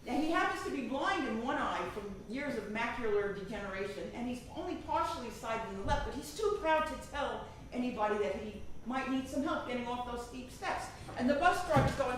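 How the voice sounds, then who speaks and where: Brief: high-pitched woman comic, animated storyteller, echoey and distant on stage. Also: a little fast, hardly any pauses, a little hiss or hum. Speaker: stand-up comedian. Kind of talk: stand-up storytelling.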